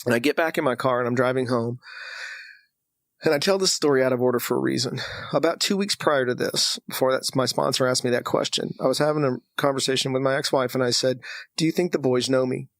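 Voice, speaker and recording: A man's voice: mid-range voice, fast, dry recording, clean studio sound. Texas man telling a story. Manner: animated storyteller who acts out dialogue. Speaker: podcast guest. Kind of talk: personal storytelling in an interview.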